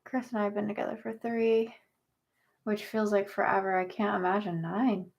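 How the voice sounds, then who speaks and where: A woman's voice: medium pitch, flat delivery, moderate pace, vocal fry. A young woman hosting a casual livestream chat, talking to her viewers and cooing at her cat. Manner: chatty, talks baby talk to her cat. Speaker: livestream host.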